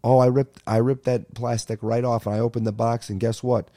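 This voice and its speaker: A young podcast host speaks a little fast in a mellow, medium-pitched voice with little pitch movement. His comedic rant is casual and animated, full of swearing and "dude" aimed at everyone.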